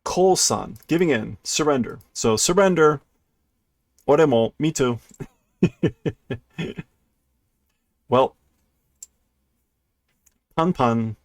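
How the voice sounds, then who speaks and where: Male streamer, unhurried gravelly delivery, dry close sound, thinking aloud with self-corrections. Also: mid-range voice, no room sound. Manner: laughs lightly at himself. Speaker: streamer reading a manga aloud. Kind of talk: live-stream read-through, translating as he goes. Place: indoors at his computer.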